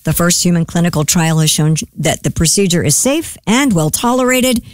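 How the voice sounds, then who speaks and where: A woman co-hosting a morning radio show, reading news items in a steady delivery. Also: lowish voice, normal speed, no echo.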